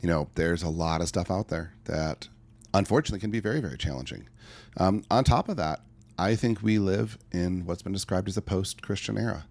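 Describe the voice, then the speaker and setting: A man's voice: low voice, fairly quick, creaky, darkish tone. A middle-aged man talking earnestly as a podcast guest, telling stories with acted-out asides. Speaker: podcast guest, life coach. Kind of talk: conversational interview answer.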